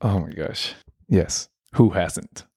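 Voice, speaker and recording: A man's voice: low-pitched, takes it slowly, mellow, breathy edge, dry recording, studio quality. A man co-hosting a casual podcast chat, playfully acting out voices as he tells a story. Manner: playful, acts out quoted voices. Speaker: podcast co-host.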